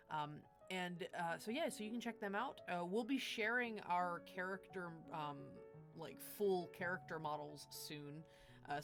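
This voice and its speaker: A woman with a deep, creaky voice hosts a tabletop game stream as dungeon master and show host. She chats casually through sponsor reads, full of fillers and restarts.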